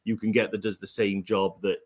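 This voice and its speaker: A man co-hosting a live chat, telling stories in a relaxed way with many ums and likes. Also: on the low side, fairly quick. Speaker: co-host. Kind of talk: casual live-stream chat.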